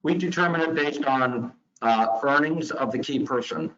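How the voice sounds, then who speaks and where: A man, a guest insurance expert and regional vice president, answering questions in a webinar in a steady, explanatory way. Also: mid-range voice, moderate pace. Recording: dull lo-fi call audio.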